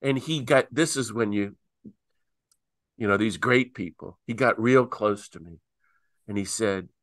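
A middle-aged man, a priest and peace activist, telling stories animatedly and acting out quotes with big swings in pitch, on a video call. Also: a little slow, pauses often, a bit bright, no room sound, clean studio sound. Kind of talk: animated talk answering questions.

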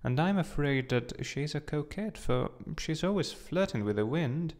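A man's voice: on the high side, animated, unhurried, a little mellow, voice pushed up. A man reading an audiobook, voicing a small, fussy, chatty male swallow who talks straight to the point in a raised voice.

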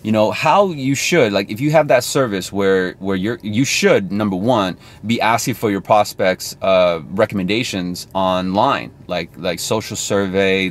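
A man talking casually to camera as a sales coach, chatty and thinking aloud as he explains. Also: lowish voice.

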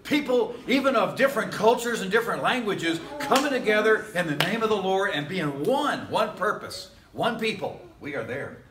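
A man's voice: high voice, expressive, normal speed, hardly any pauses, a crowd in the background. A man preaching a casual, rambling sermon as pastor, full of jokes and chuckling asides, recorded in a church sanctuary. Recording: echoey church room.

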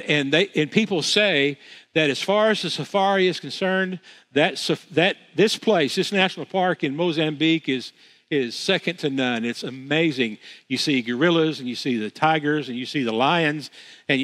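A man's voice: a little high, a bit bright. A man preaching a sermon as pastor, earnest, repeating phrases for emphasis with frequent restarts. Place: church sanctuary. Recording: long reverb of a church hall.

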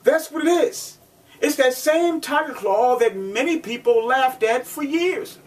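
Male martial arts instructor, pushy and repetitive, voice on the high side and a bit distant from the mic. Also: lively intonation, measured pace. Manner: emphatic, repetitive, rhetorical questions. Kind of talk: instructional video talk.

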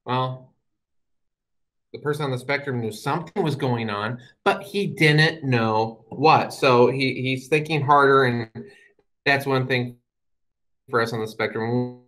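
In a storytelling talk to an audience, a guest speaker explains his points plainly, adding wry, humorous touches and dry asides. He has a mid-range, fairly bright voice and an unhurried pace, and the audio is poor.

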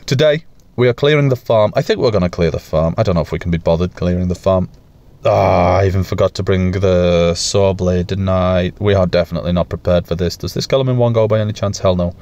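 A man's voice: deep voice, brisk, darkish tone. A young man giving casual, self-mocking commentary while playing a survival game, swearing now and then and tossing in playful sound effects. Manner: makes playful sound effects and coos at pets. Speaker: gaming YouTuber.

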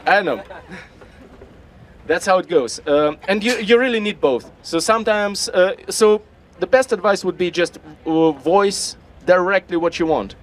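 A man's voice: high-pitched, normal speed, a little hiss or hum. A man hosting a casual outdoor costume workshop. He talks loosely, swears now and then, and acts out the voices he quotes. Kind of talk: workshop talk to a crowd.

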